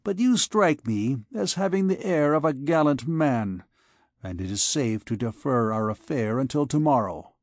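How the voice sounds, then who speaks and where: A man's voice: mid-range voice, expressive, dry recording, clean studio sound, natural voice. A man reading an audiobook, voicing a brash, hot-headed young army captain who swings between rage and glib gallantry. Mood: glib, polite. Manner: boastful, quick to anger, gallant.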